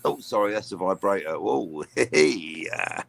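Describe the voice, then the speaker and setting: A man in a casual online stream chat, joking crudely and excitedly. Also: on the low side, slow pace, gravelly.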